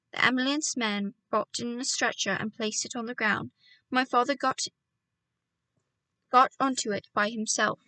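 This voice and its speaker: A woman's voice: on the high side, pushed and bright, dry recording, recorded from a distance. A woman reading a children's novel aloud, breaking off for casual asides to her viewers. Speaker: audiobook reader.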